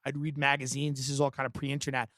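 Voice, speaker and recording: A comedian from the United States on a podcast, telling a long story in a sardonic, animated and provocative way. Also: male voice, medium pitch, quick pace, no echo.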